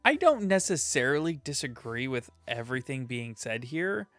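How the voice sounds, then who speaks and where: A man's voice: mid-range voice, sing-song, moderate pace, a bit bright, no echo, faint music behind. A man hosting a casual podcast, upbeat and jokey, reading sponsor notes and lists of names. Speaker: podcast host.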